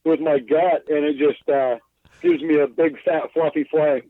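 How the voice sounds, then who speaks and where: A man's voice: on the high side, fairly even intonation, measured pace, no echo. A man talking casually in a podcast interview, loose and self-deprecating with plenty of swearing and filler words, calling in from inside his bus. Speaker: guest glassblower. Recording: tinny phone line.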